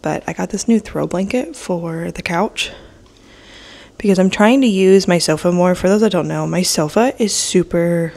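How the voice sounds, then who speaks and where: A woman's voice: fairly low pitch, normal speed, vocal fry, a little mellow. A young woman vlogging at home in a casual, rambling chat, sleepy and a bit nasal from allergies. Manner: chatty, rambling, lots of fillers. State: sleepy, yawning. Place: home kitchen and office. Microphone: handheld vlog camera.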